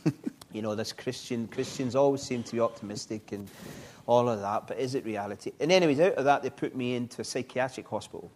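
A middle-aged man, telling his life story in an interview, halting and reflective with frequent restarts. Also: mid-range voice, a little mellow. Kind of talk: personal testimony in an interview.

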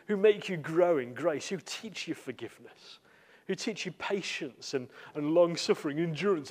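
A man gives a sermon, his voice sitting a little high for a man. He tells stories and acts out the quotes, often repeating words as he goes. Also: a little mellow. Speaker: visiting preacher.

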